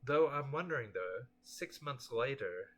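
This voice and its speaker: A man's voice: mid-range voice, animated, measured pace, a bit bright, a little hiss or hum. A man hosting a casual let's play, musing hesitantly with many fillers. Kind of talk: casual game commentary.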